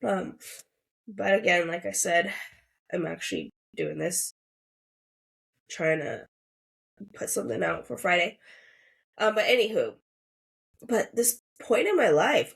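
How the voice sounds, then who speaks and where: A woman's voice: on the low side, creaky. Congested woman hosting a spiritual podcast. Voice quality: slightly nasal from congestion. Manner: earnest, upbeat spiritual musing. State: sick, congested and coughing. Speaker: podcast host. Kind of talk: solo podcast monologue.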